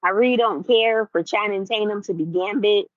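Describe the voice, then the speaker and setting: A young woman vlogging in a casual, animated rant to her viewers, repeating herself for emphasis. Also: mid-range voice, moderate pace, no room sound, phone-quality sound. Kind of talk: casual ranting chat to viewers.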